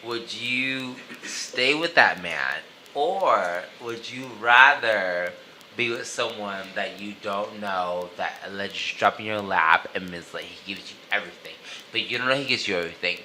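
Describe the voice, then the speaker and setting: Casting: a male podcast guest with a very bright, forceful voice, animated and emphatic, faint ambient noise. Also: unhurried. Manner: animated, punctuates with "boom" sound effects. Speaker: teacher. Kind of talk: casual chat.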